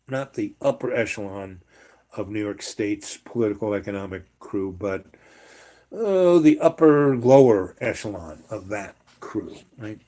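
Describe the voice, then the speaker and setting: A man in his sixties telling a rambling personal story, full of pauses, "um"s and "you know"s, often trailing off quietly. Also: medium pitch. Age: 60s. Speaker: storyteller host.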